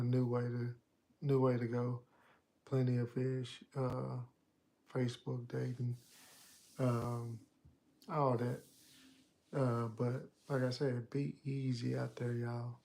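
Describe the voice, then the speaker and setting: Guy hosting his channel, talks slow and flat, lots of uhs. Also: mid-range voice, creaky. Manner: halting, lots of "uh" and "um". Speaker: host and dating reviewer. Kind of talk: casual chat to viewers.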